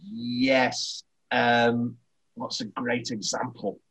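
A man's voice: medium pitch, flat delivery, very slow, a bit bright, breathy edge. A man co-hosting a casual film podcast, rambling and interrupting himself, often laughing mid-sentence. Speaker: podcast co-host. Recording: dull lo-fi podcast audio.

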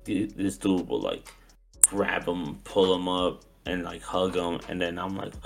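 A man's voice: low voice, flat delivery, normal speed, creaky, faint music behind. A man co-hosting a live podcast who talks in a rambling, hedging way, full of fillers. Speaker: podcast co-host. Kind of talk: casual chat. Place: live show venue.

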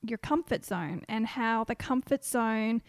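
A woman's voice: fairly high pitch, a little slow, no room sound. A woman co-hosting a family podcast, chatting casually, laughing often and explaining things through metaphors. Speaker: podcast co-host. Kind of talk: casual chat.

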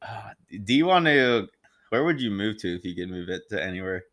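A laid-back host with a very deep voice that still has a bright, forward edge. He talks casually and laughs often. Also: animated, a little fast. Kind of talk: casual chat.

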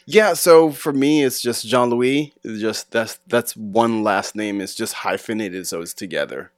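Slow-talking male interview host. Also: fairly low pitch, no echo, clean studio sound. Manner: brief, affirming questions. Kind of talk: casual interview.

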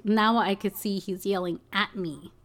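This package delivery driver, a young woman, talks a little slowly in a steady, mid-range voice. Her story wanders casually, padded with "like" and "you know," and she swears and laughs from time to time.

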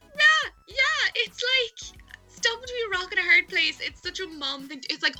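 Female co-host, giggly and expressive, high, very bright voice. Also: moderate pace, faint music behind. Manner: giggly, expressive, reacts with laughter. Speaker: podcast co-host. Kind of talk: casual chat reading funny texts aloud.

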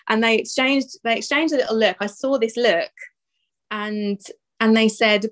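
A young adult woman telling her birth story as an interview guest, calm and reflective, laughing now and then and repeating words as she recalls events. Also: a little high, moderate pace.

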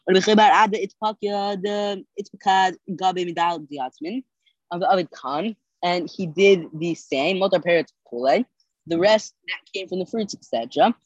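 A podcast host reads the daily Talmud page aloud and translates it line by line, halting with many fillers and self-corrections while sounding sleepy and yawning. The voice is medium in pitch, and the recording is dry and lo-fi.

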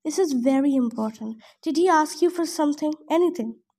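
A woman's voice: high-pitched, brisk, dark tone, natural voice. A woman reading the lines of an intense teenage boy who speaks urgently and pressingly.

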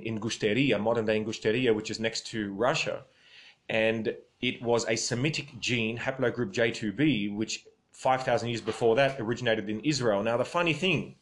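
A man's voice: mid-range voice, a bit bright. An Australian man livestreaming from his phone in a rambling, casual monologue, reading out viewer comments as he goes.

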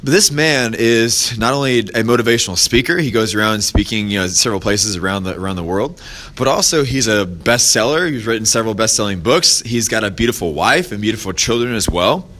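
Man, podcast host, casual motivational monologue, bright voice, rambling restarts, animated quoted voices. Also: fairly quick. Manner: conversational, rambling with frequent restarts and fillers; acts out quoted voices in a higher pitch when telling stories.

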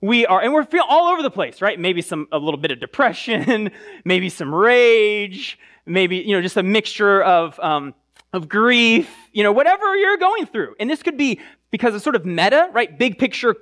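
A man's voice: sits high, a little fast. A man preaching a sermon in a conversational way, often checking in with the crowd and restarting his phrases. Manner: animated, with frequent restarts. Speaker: pastor.

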